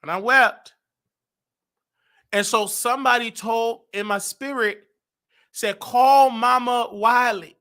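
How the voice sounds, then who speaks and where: A man hosting a talk show, telling a personal story in an animated way and acting out the dialogue. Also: very high voice, clean tone. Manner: dramatic, acts out quoted dialogue. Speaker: show host.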